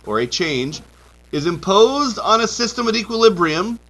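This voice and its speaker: High-pitched, animated and a little fast, this male high school chemistry teacher has a sharp tone on a low-quality recording. His lecture drills key terms, punctuated by repeated "okay" checks and dry jokes.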